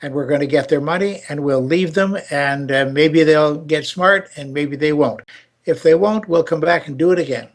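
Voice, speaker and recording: A man's voice: on the high side, moderate pace. Older man telling a rambling story. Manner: rambling, hesitant, many fillers and restarts. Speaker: show host. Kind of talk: storytelling chat.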